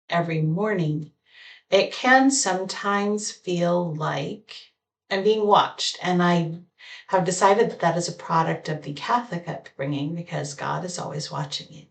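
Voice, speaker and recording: A woman talking alone to her camera at home, meandering through her thoughts with many pauses and fillers. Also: fairly low pitch, creaky. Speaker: vlogger. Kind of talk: reflective solo talk to camera. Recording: echoey room, voice far from mic.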